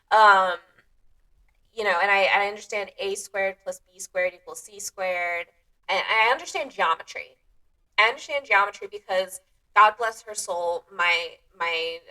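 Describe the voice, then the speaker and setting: A woman's voice: fairly low pitch, sharp tone. A woman hosting her own podcast, chatting casually and self-deprecatingly, often laughing at herself. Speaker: podcast host. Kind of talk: casual solo chat. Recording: voice a bit distant from the mic.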